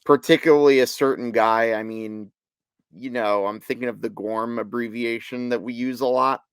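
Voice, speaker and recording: A man's voice: medium pitch, fairly even intonation, moderate pace, smooth, dry recording. A man co-hosting a sports podcast, chatting casually with dry, sarcastic asides. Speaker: podcast co-host.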